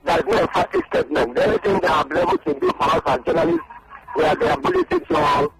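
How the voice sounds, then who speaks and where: Emphatic journalist, gravelly and lively. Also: male voice, very high-pitched, fast talker, music in the background, rough recording. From Nigeria. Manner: emphatic, repeats points. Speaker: journalist guest. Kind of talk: phone-in radio interview.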